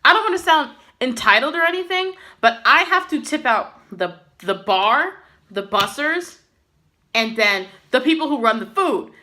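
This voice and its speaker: A young adult woman telling a casual storytime to her vlog viewers, chatty and animated, filling her talk with "like" and "literally". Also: sits high, normal speed. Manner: chatty, filler-heavy with many "like"s and "literally"s; animated, swinging between exasperated and laughing. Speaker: vlogger.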